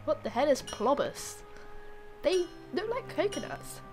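Woman doing a weird squeaky little girl. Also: very animated, unhurried, soft background music. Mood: squeamish. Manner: high squeaky put-on voice.

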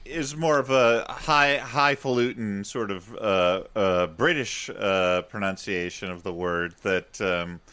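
A man co-hosting a comedy podcast, halting with fillers and joking in a mock-pompous way. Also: fairly low pitch, bright, forceful tone. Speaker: podcast co-host. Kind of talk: casual comedic chat.

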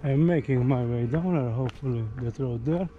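This man from Malta, speaking with a Maltese accent, vlogs his hike outdoors in a casual, chatty style, ending many phrases with "eh?" and becoming tired and short of breath. He speaks at normal speed in a medium-pitched voice. The sound is phone-quality with a bit of hiss or hum.

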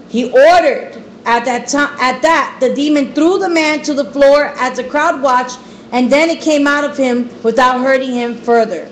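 A woman's voice: high voice, moderate pace, a little hiss or hum, rough recording. Bible study leader, woman, reads verses and comments with repeated words, phone recording. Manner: repetitive emphasis. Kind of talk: reading scripture aloud and commenting.

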